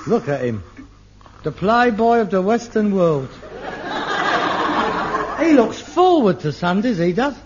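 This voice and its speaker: A middle-aged man, acting in an old TV sitcom, theatrical and excitable, muttering one moment and ranting the next. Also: high voice, slow, long pauses, crowd noise, exaggerated voice. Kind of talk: 1960s-70s TV sitcom acting. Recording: lo-fi archive TV sound with faint hiss.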